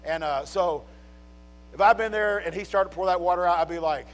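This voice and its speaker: A man preaching a chapel sermon, telling a Bible story with animated storytelling that swings from hushed to shouting. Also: fairly high pitch, brisk, faint music behind. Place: college chapel.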